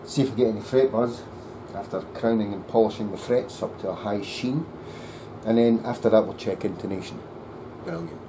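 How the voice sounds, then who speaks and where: Luthier, low voice, half-muttered workshop commentary, noisy room. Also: male voice, steady tone, fairly quick. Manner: muttering to himself while working.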